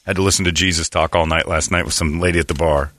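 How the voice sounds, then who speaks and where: Casual host, a man with a low bright voice, lively storyteller, dry close mic. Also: fast talker, no room sound. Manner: animated storyteller, jokey. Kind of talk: crude comedic banter.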